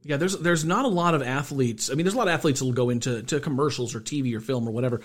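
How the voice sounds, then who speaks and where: A man's voice: medium pitch, fast. A man interviewing a guest, chatty and enthusiastic as he asks questions and adds his own views. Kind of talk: conversational interview.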